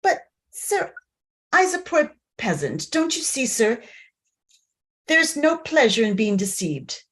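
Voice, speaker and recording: A woman's voice: a little high, sing-song, slow pace, fairly bright tone, full character voice. A woman reading the part of a naive, trusting young peasant girl who speaks in rustic, broken grammar in a play reading over a video call. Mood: shy. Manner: rustic ungrammatical speech, hesitant.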